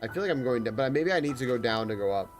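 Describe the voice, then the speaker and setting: A man's voice: mid-range voice, lively intonation, rapid-fire. A young man streaming a video game, musing casually to himself and his chat, with lots of filler words. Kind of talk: live gameplay commentary. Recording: game music underneath.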